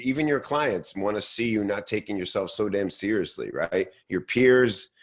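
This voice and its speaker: A man with a voice on the low side hosts a casual podcast, talking loosely with lots of fillers and restarts. Now and then he slips into quick mock voices.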